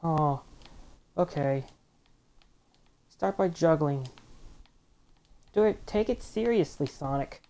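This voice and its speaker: A woman with a fairly low voice gives casual let's play commentary. She grumbles in exasperation at the game and breaks into sudden outbursts now and then. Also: animated, takes it slowly, pauses often, warm tone.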